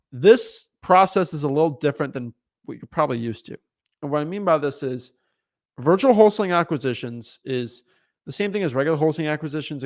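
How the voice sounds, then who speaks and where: Energetic young man from England, casual coaching talk, voice a bit high. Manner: energetic, acts out seller calls. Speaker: wholesaling coach.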